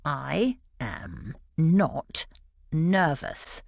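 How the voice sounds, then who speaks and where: A woman putting on a proud young duke from a storybook, stiff and cold. He speaks low and clipped, held down and quiet, with a dry, close sound. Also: very animated, slow, breathy edge, dry recording, full character voice. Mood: vehement.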